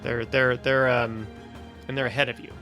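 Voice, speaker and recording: A man's voice: mid-range voice, little pitch movement, moderate pace, bright, forceful tone, faint music behind. A man running a tabletop game as dungeon master, narrating loosely with restarts and laughs.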